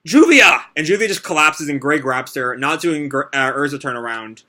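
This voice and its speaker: A young man with a medium-pitched, bright, forceful voice hosts a live manga reaction at a fairly quick pace. He reads and comments casually, rambling with plenty of fillers.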